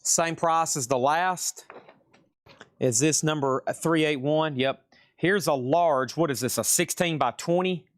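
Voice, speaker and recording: Southern-accented male host, slightly high voice, dry close sound, casual rambling sales patter. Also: unhurried, dry recording. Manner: chatty, rambling, self-correcting. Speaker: live-stream record seller.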